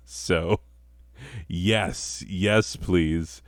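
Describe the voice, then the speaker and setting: Slow, low-voiced stoned man rambling. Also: darkish tone, no echo, studio quality. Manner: rambling, profane, full of fillers. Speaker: comedy storyteller and gamer. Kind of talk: rambling casual storytelling while gaming.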